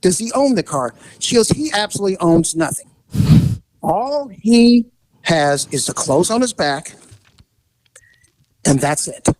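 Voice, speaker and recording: Animated storytelling ex-cop man. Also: sits high, a little slow, long pauses, no echo. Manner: animated, acts out voices and sound effects. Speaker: retired police officer telling stories. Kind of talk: casual storytelling chat.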